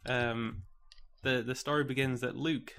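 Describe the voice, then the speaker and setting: A man's voice: medium pitch, steady tone, unhurried, a bit bright. A man co-hosting a casual podcast, joking around and laughing often. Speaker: podcast co-host. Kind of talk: casual chat.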